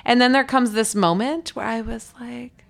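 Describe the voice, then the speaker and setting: With a higher, fairly quick voice, this thirty-something woman pastor offers reflective faith talk. Her stories come across earnest, and she brings quoted lines to life with animation.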